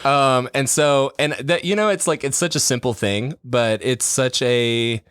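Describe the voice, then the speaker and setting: A man's voice: medium pitch, measured pace, fairly bright tone, clear, resonant tone, dry recording, studio quality. A man chatting on a podcast in a rambling, self-mocking way, often breaking into laughs. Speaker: podcast co-host. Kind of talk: casual podcast chat.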